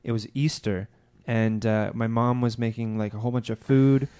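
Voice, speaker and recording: Podcast co-host, male, mid-pitched, loose rambling storyteller full of fillers. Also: steady tone, normal speed, mellow, smooth. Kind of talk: casual chat.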